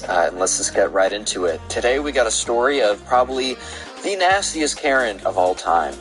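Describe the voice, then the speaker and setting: A man narrating a submitted story to viewers in a loose, relaxed way with many fillers. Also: on the low side, low-quality recording.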